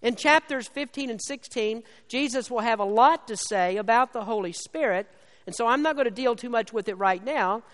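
A man preaching a sermon as pastor, slowing down and raising his voice on scripture and key lines, then dropping back low. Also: fairly bright tone. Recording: long hall reverb.

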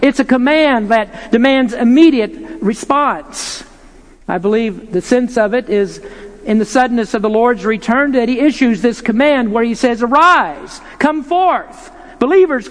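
A man preaching an earnest, emphatic sermon, posing rhetorical questions to his listeners. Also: high-pitched. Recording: long hall reverb.

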